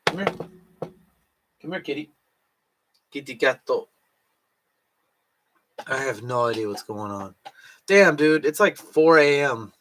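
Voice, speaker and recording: A man's voice: mid-range voice, unhurried, long pauses, fairly bright tone, a little hiss or hum. A drunk young man chatting casually on a late-night livestream, swearing, slurring and laughing to himself. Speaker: streamer.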